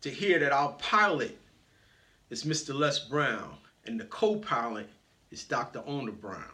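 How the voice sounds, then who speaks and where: Motivational speaker, man, slow storyteller with a bright, forceful voice, playful with the crowd. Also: medium pitch, expressive. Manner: playful, greets audience members by name. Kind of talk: storytelling speech to an audience.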